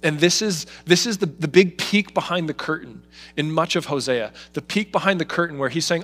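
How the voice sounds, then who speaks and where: A man's voice: a little high, a little fast. A man preaching a sermon, talking with feeling and putting heartfelt pleading into the words he gives to God. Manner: expressive, voices God's pleading in emotional asides. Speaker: pastor.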